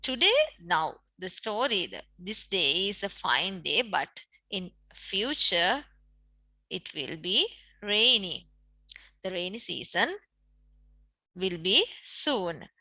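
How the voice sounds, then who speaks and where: A woman English teacher with a Sri Lankan accent gives an online lesson to children. She reads a story aloud and explains each word, adding its Sinhala meaning. Her voice is bright and very lively in pitch, recorded close and dry. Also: no echo. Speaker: primary school English teacher.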